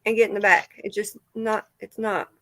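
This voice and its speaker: A woman co-hosting and moderating a casual livestream chat, calm and matter-of-fact. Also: medium pitch, normal speed. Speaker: co-host and moderator.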